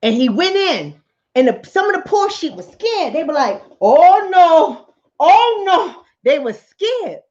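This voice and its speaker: A woman tells a political fable on her own channel, jumping into character voices as she goes. Her voice sits high and swings widely in pitch. The recording is slightly dull and lo-fi. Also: moderate pace. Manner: animated storyteller acting out characters' lines. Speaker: channel host, relationship coach. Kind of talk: political commentary told as a fable.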